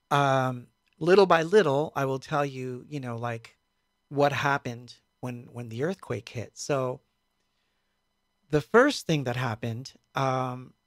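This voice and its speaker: A man telling a story in a casual stream, speaking in a halting, reflective way with many fillers. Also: mid-range voice, no room sound, clean studio sound. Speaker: musician recounting a tour.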